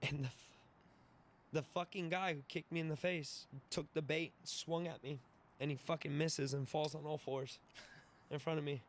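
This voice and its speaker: A young man in his twenties, a podcast guest telling a wild story in an animated, profane way, laughing and acting out the voices. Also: fairly high pitch, normal speed, a little hiss or hum. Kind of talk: casual storytelling.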